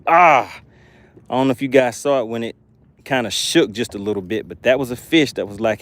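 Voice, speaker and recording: Fishing-channel host, young man on a boat, hyped and playful, very lively pitch. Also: brisk, a little hiss or hum. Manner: animated, hypes viewers, playful made-up words. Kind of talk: excited live fishing commentary.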